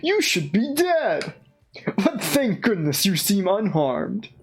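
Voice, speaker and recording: A woman's voice: mid-range voice, very animated, takes it slowly, husky, faint music behind, exaggerated voice. Woman doing a prim old professor. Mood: concerned. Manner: prim, formal, bluntly morbid. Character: fussy polite old male professor.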